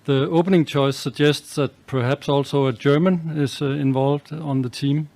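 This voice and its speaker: A man's voice: on the high side, fairly even intonation, moderate pace, a little mellow. A man, a chess magazine journalist asking polite, hesitant questions at a press conference.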